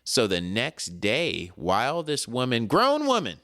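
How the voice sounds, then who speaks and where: A man telling a story in a casual chat, animated and slangy, acting out the people in it. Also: mid-range voice, unhurried. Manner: animated, acts out the people in his stories. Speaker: podcast co-host.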